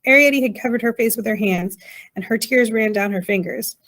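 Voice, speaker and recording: A woman narrating a children's novel in a gentle, measured reading voice. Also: on the high side. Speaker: audiobook reader. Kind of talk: storybook narration.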